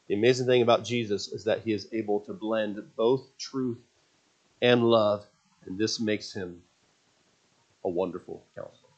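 A man's voice: fairly low pitch, fairly even intonation, normal speed, long pauses, dull audio. A man preaching a sermon to a congregation, leading them in reading scripture aloud, with earnest fervent passages and self-deprecating asides. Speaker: pastor.

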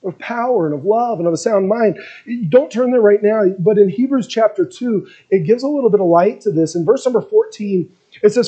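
A male preacher with a fairly high, husky voice delivers an earnest sermon. His tone is mellow rather than bright, and he builds steadily in intensity as he tells the story. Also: animated, brisk, dull audio. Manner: earnest, building in intensity, acts out scripture quotes.

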